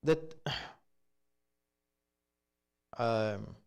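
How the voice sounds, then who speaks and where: A man preaching a sermon, telling a story in an animated way. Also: medium pitch, extremely slow, vocal fry, clear, resonant tone.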